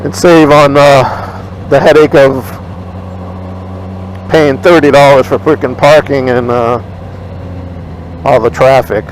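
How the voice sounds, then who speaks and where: A man's voice: mid-range voice, steady tone, slow, long pauses, low-quality recording. A man vlogging from his motorcycle, casually rambling and retelling an argument, blunt and profane. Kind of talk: casual rambling storytelling while riding. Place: riding a motorcycle on city streets outdoors. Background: faint street and traffic noise.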